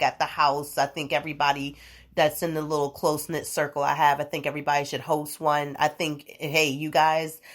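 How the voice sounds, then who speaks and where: A young adult woman hosting her own podcast, chatting casually in a rambling, profane way with frequent laughs. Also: sits low. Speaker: podcast host. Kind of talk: casual solo podcast chat.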